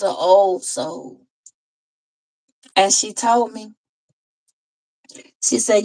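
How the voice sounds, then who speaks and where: A woman tarot reader telling an emotional personal story in a heartfelt, conversational way, pausing and restarting as she goes. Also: mid-range voice, steady tone, creaky, darkish tone, poor audio.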